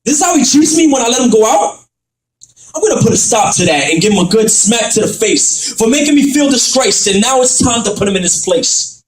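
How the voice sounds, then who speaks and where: A man voicing an angry, proud father who shouts at his son. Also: very high voice, lively intonation, fairly quick, a little hiss or hum. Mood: furious. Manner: shouting, furious then wailing. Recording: echoey room, far from mic.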